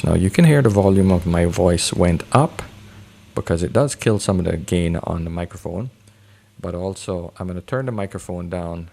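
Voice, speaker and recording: A man's voice: low-pitched, creaky, darkish tone. A man giving a casual review to camera, talking chattily to his viewers through a desk condenser mic at home. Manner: chatty, addresses viewers as guys. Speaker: tech reviewer. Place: home setup, not a studio. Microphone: studio condenser mic on desk.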